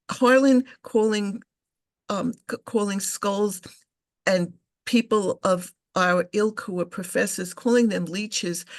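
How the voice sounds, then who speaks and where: An older female English professor recalling her career in an interview over a video call, hesitant and full of restarts. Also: mid-range voice. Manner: hesitant, with frequent restarts and fillers. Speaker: English professor and science fiction scholar. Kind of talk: interview, conversational recollection.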